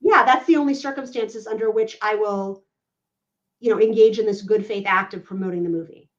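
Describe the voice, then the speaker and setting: A woman's voice: mid-range voice, fairly quick. A woman legal analyst giving emphatic podcast commentary, often checking in with "right?". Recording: dull lo-fi audio.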